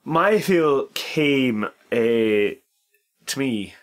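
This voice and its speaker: A man's voice: mid-range voice, very slow. A young man, co-hosting a podcast and telling funny stories with laughter and swearing. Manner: animated storytelling with laughter and swearing. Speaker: podcast co-host. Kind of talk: casual chat among friends.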